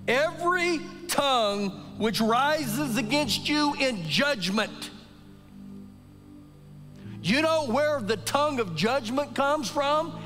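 A pastor with a high male voice delivers a slow sermon in a church sanctuary during a service, telling stories animatedly and acting out quotes. The live recording carries long reverb and faint music.

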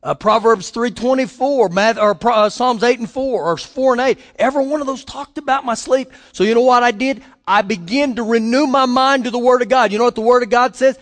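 A man's voice: extremely high pitch, a little fast, hardly any pauses, fairly bright tone, big-room sound. A man preaching a sermon as pastor, emphatic, repeating phrases and putting questions to his listeners.

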